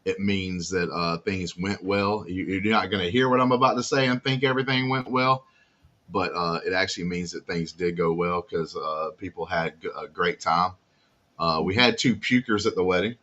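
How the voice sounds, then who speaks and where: A man's voice: low voice, fairly even intonation, normal speed, bright, forceful tone, lo-fi sound. A man chatting casually as a guest on a talk show, rambling along with lots of "uh" fillers. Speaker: guest, newlywed groom. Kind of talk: casual chat.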